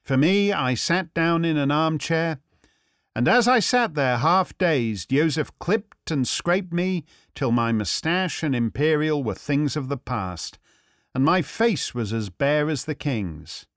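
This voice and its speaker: A man narrating a novel in the first person with measured, expressive storytelling. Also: fairly high pitch, dry recording, clean studio sound. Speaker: audiobook narrator.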